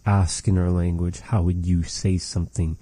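A man with a low, dark voice gives a language lesson at an unhurried pace. He speaks in a measured way and repeats each phrase so it can be copied. The sound is dry and close. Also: flat delivery, slightly rough, no room sound. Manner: measured, repeats phrases slowly to model them. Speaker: language teacher.

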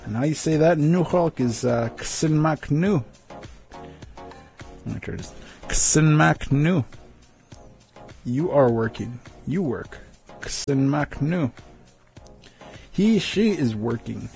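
A man runs a laid-back word-of-the-day lesson, going slowly and saying each word again and again. His voice is gravelly with a touch of fry. Faint music plays behind him. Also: mid-range voice, mellow. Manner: slow, repeats each word several times, sounds them out. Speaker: language learner teaching words of the day. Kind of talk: casual vlog word lesson.

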